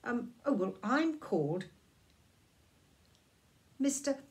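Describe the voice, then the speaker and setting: A woman's voice: on the high side, big pitch swings, slow pace, pitched above the performer's own voice. A woman voicing a nervous, stammering male faun in a storybook reading, talking in hesitant, flustered bursts. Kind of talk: storybook read-aloud.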